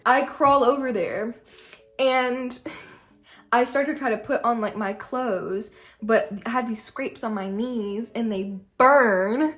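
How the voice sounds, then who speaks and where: A woman's voice: on the high side, slow pace, fairly bright tone, faint music behind. A young woman vlogger telling a personal story in a casual, chatty way, full of "like". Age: young adult. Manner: chatty, peppered with "like".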